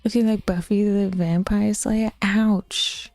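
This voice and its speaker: A woman with a New Zealand accent chatting casually with her viewers as a Twitch streamer, bluntly teasing and slipping into soft whispered asides. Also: mid-range voice, steady tone, takes it slowly, no echo, faint music behind.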